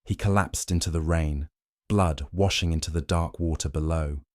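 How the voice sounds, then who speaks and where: A man giving tense, measured scripted narration of a detective thriller. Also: a bass voice, darkish tone, no room sound, clean studio sound.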